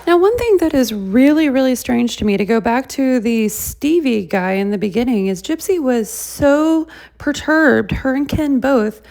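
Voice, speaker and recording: A woman's voice: high voice, animated, unhurried, vocal fry, hardly any pauses, darkish tone, some chatter behind. A woman, chatting casually to viewers as she comments on clips. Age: 40s. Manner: chatty, addresses viewers as y'all. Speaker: commentary host.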